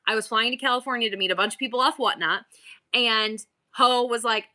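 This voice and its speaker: A woman's voice: on the high side, a little fast, bright, forceful tone. A middle-aged woman hosting a live-selling stream, bubbly and playful in an exaggerated customer-service voice, rambling between topics. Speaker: online live-selling host. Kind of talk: casual livestream chat.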